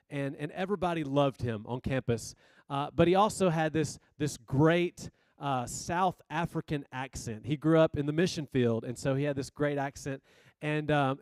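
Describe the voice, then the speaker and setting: A man giving a sermon as youth minister, telling stories with lively asides. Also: on the high side, clear, resonant tone, no echo. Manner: storytelling, animated asides.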